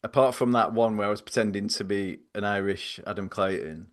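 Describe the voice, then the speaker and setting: A man's voice: fairly low pitch, steady tone, brisk. A man, co-hosting a podcast, telling a story casually with lots of fillers. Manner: rambling, filler-heavy, laughs while telling. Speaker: podcast co-host.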